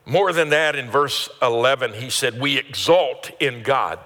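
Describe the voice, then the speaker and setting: A man's voice: mid-range voice, a little slow, bright, forceful tone. An older man preaching a sermon as pastor, earnest and repetitive, building to emphatic peaks. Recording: sermon in a reverberant church hall.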